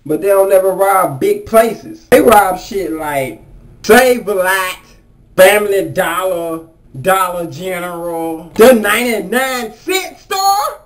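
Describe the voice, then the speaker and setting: A man's voice: high voice, animated, slow. A man doing a comedic rant as a vlogger, exasperated and full of profanity.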